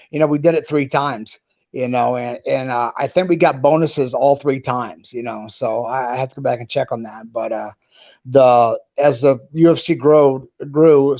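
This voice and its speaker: Rambling former fighter, lo-fi. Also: male voice, medium pitch, a little mellow. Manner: rambling, many restarts and fillers. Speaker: guest, former pro fighter. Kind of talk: casual conversation. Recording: dull lo-fi sound.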